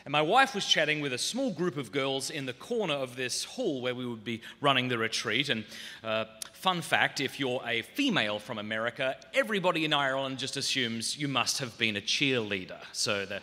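An Australian man with a softened accent tells wry, self-mocking stories to a conference crowd. His tone is very bright and forceful, and his voice carries with a long echo through a large hall. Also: medium pitch, big pitch swings, moderate pace. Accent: muted Australian. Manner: self-deprecating storytelling, comic asides. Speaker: conference speaker. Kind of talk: humorous talk to a live audience.

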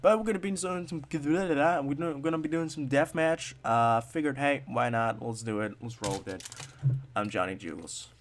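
A man's voice: mid-range voice, normal speed, slight background noise. Hyper young man swearing through gameplay. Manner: hyper, swearing, swings from shouts to mutters. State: wired on energy drinks. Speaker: gaming channel host. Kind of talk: gameplay commentary.

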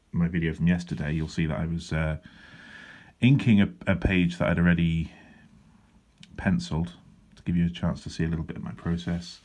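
Deep-voiced man with dry rambling humour. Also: darkish tone. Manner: dry, self-deprecating humour with rambling asides. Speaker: comic artist. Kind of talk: casual drawing vlog chat. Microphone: handheld wobbling camera.

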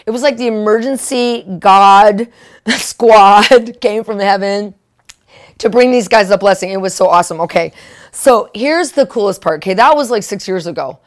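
A woman preacher telling a testimony in an animated, emotional way, peppering her talk with "right?" and "like". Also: mid-range voice, normal speed. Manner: fillers like "right?" and "like". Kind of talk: live-streamed testimony preaching.

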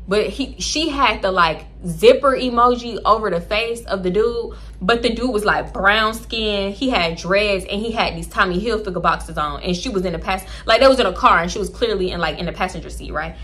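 A woman vlogger telling a storytime in a lively, profane way, acting out both sides of the exchanges. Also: fairly high pitch, brisk.

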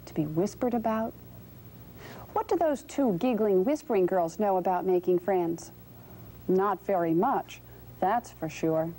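Gentle woman hosting children's TV. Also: fairly high pitch. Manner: gentle, questioning, patient. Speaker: children's TV host. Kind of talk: talking to young viewers.

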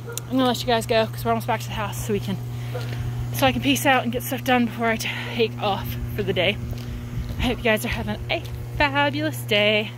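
A woman vlogging casually while walking her dog outdoors, rambling along with plenty of "like" fillers. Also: fairly high pitch. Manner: chatty and rambling, many "like" fillers. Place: outdoors at sunrise. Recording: outdoor ambience with noticeable background noise.

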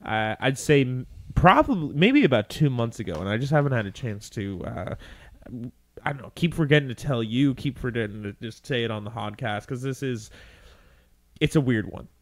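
A man's voice: medium pitch, lively intonation, moderate pace, no echo. A man co-hosting a podcast, telling a story in casual chat, rambling and swearing. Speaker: podcast co-host.

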